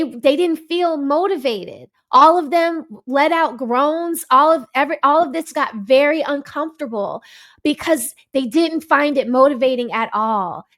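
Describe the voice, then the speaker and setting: A woman's voice: high voice, fairly bright tone. A woman giving an exasperated, emphatic commentary, lecturing as she reacts to a panel clip. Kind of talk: ranting commentary.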